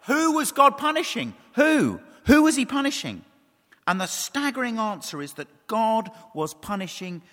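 A man preaching a sermon with passion, at times dropping to a quiet, intense tone. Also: on the high side. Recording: reverberant hall.

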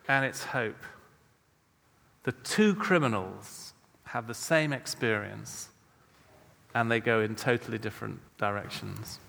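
A man preaching a sermon in a slow, measured way, letting his phrase ends fall soft. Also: mid-range voice. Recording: long hall reverb.

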